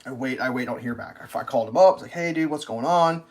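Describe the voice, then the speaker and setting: A man's voice: medium pitch, quick pace. A man livestreaming, telling a long exasperated story about customer service, swearing freely. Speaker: live streamer. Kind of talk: casual livestream rant.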